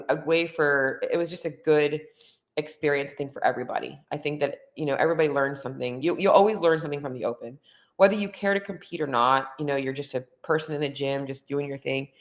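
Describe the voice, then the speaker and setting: Her voice is low with a fairly bright tone as she hosts a podcast, chatting frankly about something she lived through. Fillers like "um" and "like" pepper her casual monologue, and her emotions show plainly.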